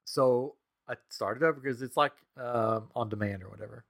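A man in his thirties chats casually as a podcast co-host, his voice sitting at an ordinary middle pitch. He tells a story with lively energy, chuckling often and switching into quick impressions for the quotes. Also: creaky. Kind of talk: casual chat.

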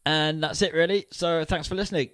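A man's voice: fairly high pitch, fairly even intonation, fairly quick, a bit bright, clean tone, no echo, clean studio sound. A man hosting a casual podcast, with jokey, teasing introductions. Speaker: podcast host.

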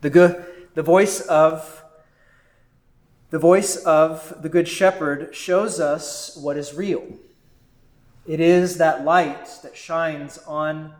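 A man preaching a sermon as a pastor, in a measured way with deliberate pauses. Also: a little high.

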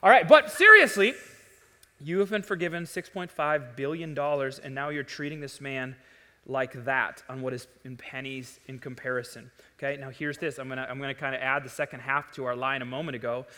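A male pastor preaching a sermon in a church, talking in an animated way and rising to loud, emphatic peaks. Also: medium pitch, fairly quick. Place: church sanctuary. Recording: long hall reverb.

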